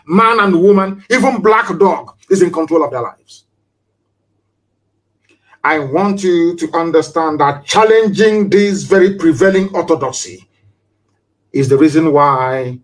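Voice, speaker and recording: A man's voice: fairly high pitch, poor audio. A man giving an impassioned live broadcast speech as a political leader, repeating himself for emphasis and firing off rhetorical questions. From Nigeria.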